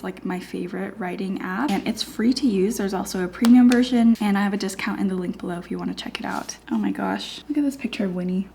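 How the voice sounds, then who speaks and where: Chatty young woman vlogging, soft asides. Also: medium pitch, vocal fry, slight background noise. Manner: chatty, often drops to a soft whisper. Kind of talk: casual vlog chat. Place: home studio.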